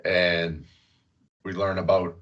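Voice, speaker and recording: A deep-voiced podcast host speaks slowly with little pitch movement, and the audio is dull. He recaps a film in a loose, casual chat that wanders, with fillers and the odd curse.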